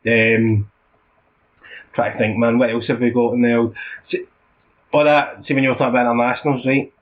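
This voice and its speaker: A man's voice: medium pitch, brisk. A Scottish man co-hosting a football podcast, chatting casually and telling stories with lots of laughter. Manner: laughing, animated storytelling. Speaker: podcast co-host. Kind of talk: casual chat. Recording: muffled lo-fi podcast audio.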